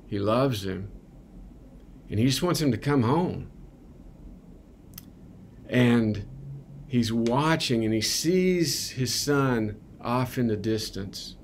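A man's voice: mid-range voice, expressive, takes it slowly, pauses often, slight background noise. A man giving a conversational, earnest sermon at a recovery ministry, often checking in with "right?". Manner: earnest, keeps asking "right?".

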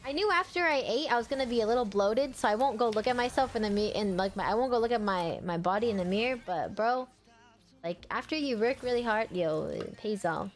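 Chatty young woman streaming games. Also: a little high. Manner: chatty, excitable, quick to exclaim. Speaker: game streamer. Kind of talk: casual gaming commentary. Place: home streaming setup.

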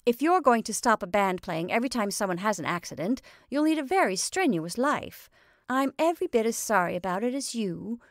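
A woman's voice: lowish voice, unhurried, hardly any pauses, darkish tone, no room sound, studio quality. A woman reading aloud, voicing an impatient young woman who scolds her sister dismissively. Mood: scolding.

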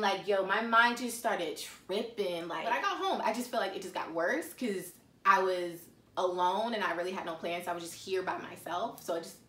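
A woman vlogging about faith and life in a casual, slangy, animated way. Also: medium pitch. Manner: chatty, slangy, animated storytelling. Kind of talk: casual confessional talk. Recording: echoey room, mic at a distance.

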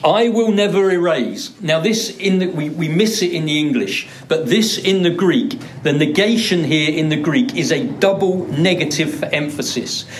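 A male pastor delivers a sermon in a somewhat high voice. He is emphatic and hammers key words home through repetition. A faint background noise sits beneath his voice. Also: moderate pace, few pauses. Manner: emphatic, repeats words for stress. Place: church.

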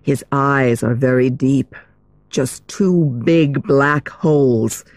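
A woman doing a grave, low-voiced scene shifter. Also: darkish tone, dry recording, studio quality. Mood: grim. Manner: slow, grave, ominous. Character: serious grown man, scene shifter, grim.

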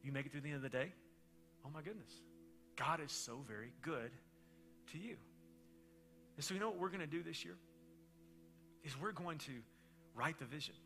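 A middle-aged male pastor with a high, very bright, cutting voice delivers a chatty, storytelling sermon. He jumps from loud, excited bursts to quiet, hushed lines. Soft music plays faintly underneath. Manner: animated, conversational storytelling with quick swings between loud and hushed.

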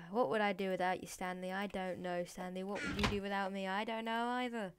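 A woman's voice: medium pitch, fairly even intonation. A woman hosting a let's play, chattering randomly and sillily in a put-on voice. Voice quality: deliberately put-on voice. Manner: silly, rambling, random chatter to in-game pets. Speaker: gaming channel host. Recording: noisy recording with clicks.

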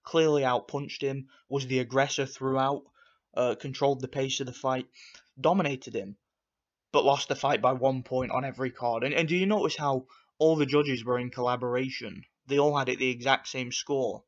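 A man's voice: mid-range voice, steady tone, normal speed, dull audio. A man giving an angry, profane rant as he reviews a boxing fight for his channel, repeating himself and piling on insults. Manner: angry, profane, repetitive ranting.

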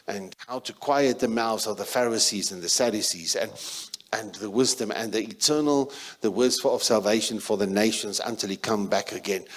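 Man, South African accent, low-pitched, pastor, emphatic sermon, loud and soft shifts.

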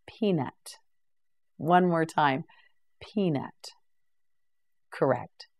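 A woman leads a beginner's vocabulary drill, saying each word slowly and repeating it. Her voice sits a little low, but her pitch moves up and down a lot, and her pace stays very slow. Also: darkish tone. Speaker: English vocabulary teacher.

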